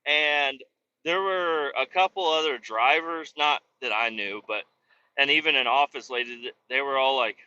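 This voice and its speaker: Man, truck driver, casual profane storytelling, very bright sharp voice, dull lo-fi sound, inside a truck cab. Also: medium pitch, moderate pace.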